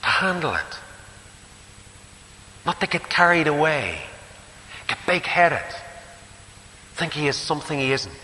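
A man's voice: a little high, big pitch swings, measured pace, pauses often, pushed and bright. An older man with a Northern Irish accent preaching a sermon, telling stories with shifting emphasis. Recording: echoey hall with faint hiss.

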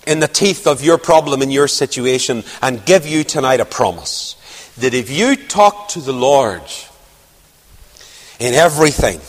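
A man preaching a sermon, emphatic, rising to near-shouts on key points. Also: medium pitch, expressive, measured pace, long reverb tail.

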